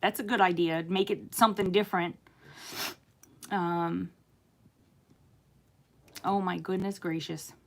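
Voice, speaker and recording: A middle-aged American woman hosts a casual live stream, chatting warmly with viewers and reading their comments aloud. Her fairly low voice stays steady as she takes her time, leaving long pauses, laughing often and using lots of fillers. A slight hiss or hum sits under the recording.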